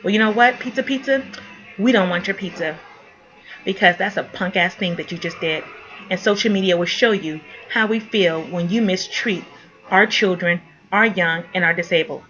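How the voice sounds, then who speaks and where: A woman's voice: fairly low pitch, normal speed, fairly bright tone, lo-fi sound, soft background music. A mother speaking out to the camera in an impassioned appeal, indignant, pleading and emphatic.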